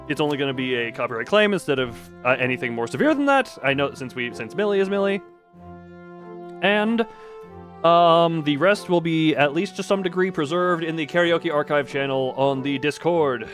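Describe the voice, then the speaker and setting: Rambly excitable guy on a gaming stream, kinda high voice, some music low in the background. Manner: excitable, rambling, mild swearing, laughs often. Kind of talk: casual live-stream chat while gaming.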